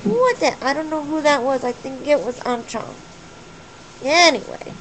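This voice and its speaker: Very high-voiced woman with a noisy home recording. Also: animated, moderate pace. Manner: soft, doting talk to her parrot. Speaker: pet vlogger. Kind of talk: casual pet vlog.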